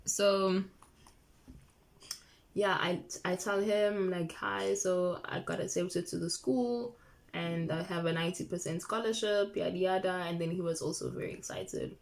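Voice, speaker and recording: A woman in her early twenties telling a personal story in a casual vlog, chatty and excitable, full of fillers and quoted dialogue. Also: on the low side, measured pace, gravelly. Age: early 20s. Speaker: vlogger.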